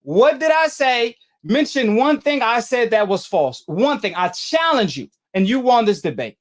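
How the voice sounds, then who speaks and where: A man's voice: very high-pitched, sing-song, moderate pace. A man hosting a call-in boxing debate show, combative and slangy, hammering callers with the same challenge. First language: Arabic. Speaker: talk show host.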